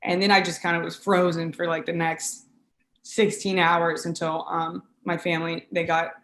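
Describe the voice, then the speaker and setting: A woman around thirty recounting a painful family memory, halting with many pauses and fillers. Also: on the low side, flat delivery, a bit bright, roomy sound. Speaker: interviewee. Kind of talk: emotional personal recollection.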